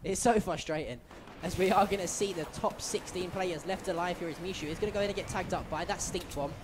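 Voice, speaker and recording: A man's voice: high voice, quick pace, noisy background. A man giving chatty, analytical color commentary on a live esports match, often laughing. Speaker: esports co-caster. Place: live event venue.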